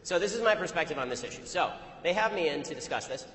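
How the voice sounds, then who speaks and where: A man speaks fast and pointedly, in a slightly raised voice, stringing a combative anecdote together without pause. The sound is roomy, with a long hall reverb trailing each phrase. It comes across as a live talk captured in a large venue. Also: a little high, expressive, fairly bright tone. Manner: rapid, argumentative storytelling. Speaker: public speaker. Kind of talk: anecdotal speech to an audience.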